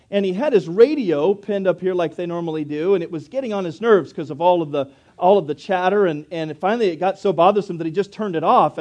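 Man preaching, pretty high voice, mellow tone, earnest and emphatic. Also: lo-fi sound. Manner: earnest preaching with rising emphasis and quoted scripture. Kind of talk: sermon.

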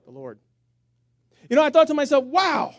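A man preaching as a pastor, animated and humorous, jumping between loud emphasis and quiet asides. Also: extremely high pitch, moderate pace, no room sound, studio quality. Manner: humorous storytelling with self-mockery. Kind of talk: sermon.

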